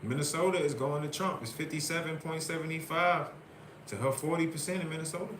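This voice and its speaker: A male host giving excited live election-night commentary, repeatedly reading out vote counts. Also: fairly high pitch, brisk, reverberant, a little hiss or hum.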